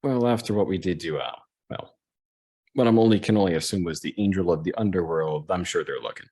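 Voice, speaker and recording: A man with a low, husky voice chats casually as a player at the table. He hesitates and adds fillers while asking for things politely. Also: fairly quick, darkish tone. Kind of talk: casual game chat.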